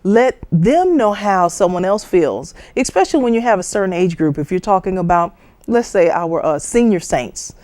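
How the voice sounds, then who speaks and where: A woman giving a conversational talk on public speaking, lively and full of asides, jumping high in pitch to act out other people. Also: moderate pace, no echo. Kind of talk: instructional talk.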